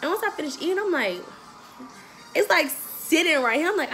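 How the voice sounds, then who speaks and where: This is a young woman vlogger telling a casual storytime while she eats. Her voice sits high and swoops all over, with a bright, sharp edge. She is animated and profane and laughs often. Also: brisk, long pauses, soft background music.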